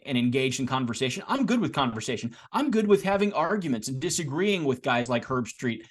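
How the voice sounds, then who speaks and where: A man co-hosting a casual sports podcast, talking in a rambling way with restarts, getting animated as he makes his points. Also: mid-range voice, brisk, breathy edge. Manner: rambling, frequent restarts and repeated words. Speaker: podcast co-host.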